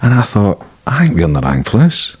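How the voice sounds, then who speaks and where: A Scottish man speaks in a very low, deep voice as an interview guest. He tells his stories bluntly and casually, swearing freely as he goes. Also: huge pitch swings, normal speed, darkish tone, slightly rough. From Scotland.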